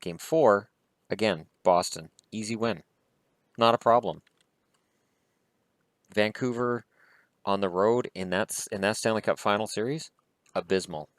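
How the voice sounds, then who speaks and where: A man's voice: fairly low pitch, measured pace, long pauses, dry recording. A man vlogging about hockey, talking in a heated, blunt and profane way. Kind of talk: casual opinion rant.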